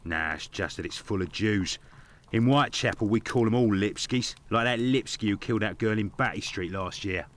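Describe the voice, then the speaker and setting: An actor doing a deep-voiced barman. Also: normal speed, natural voice. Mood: gossipy. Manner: blunt, gossipy, rough-spoken. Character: gossipy working-class male London barman. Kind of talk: video game voice acting.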